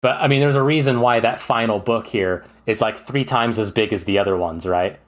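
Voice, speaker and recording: A man's voice: fairly low pitch, brisk. Chatty enthusiastic male game streamer. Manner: chatty and rambling, with many fillers. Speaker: streamer ranking games. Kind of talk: casual livestream commentary.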